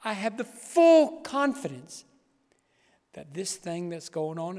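A middle-aged man, a pastor preaching an emotional sermon that swings from quiet to raised. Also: high-pitched, very animated, slow, in a large hall.

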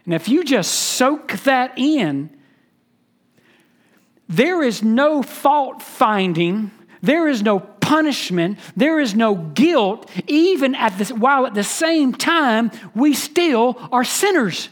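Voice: mid-range voice, expressive, slow pace. A pastor preaching an expository sermon, emphatic and teaching, repeating key phrases and asking the listeners questions.

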